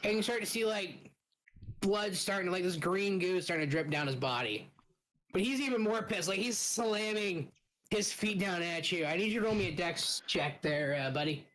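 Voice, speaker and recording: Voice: mid-range voice, animated, moderate pace, a bit bright, poor audio. A dungeon master running a casual tabletop game, playful and laughing at the players' bad luck, breaking into monster growls.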